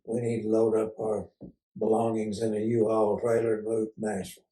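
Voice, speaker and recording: An older man from Oklahoma, telling folksy stories as an interview guest and pausing often on "uh". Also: on the low side, completely flat delivery, mellow. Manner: folksy, unhurried storyteller with frequent "uh" pauses. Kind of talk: casual storytelling interview. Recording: roomy sound from a distance.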